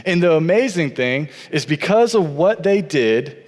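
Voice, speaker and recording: Pastor guy preaching, kinda high voice, earnest and repeating himself, big echoey church hall. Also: expressive, measured pace, darkish tone. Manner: earnest, repetitive preaching cadence. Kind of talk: sermon. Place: church sanctuary. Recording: long church hall reverb.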